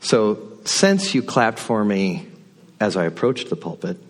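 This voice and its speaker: A man's voice: on the low side, animated, measured pace. A man giving a sermon from a church pulpit, conversational and reflective, with folksy asides. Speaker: guest speaker at the pulpit. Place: church sanctuary.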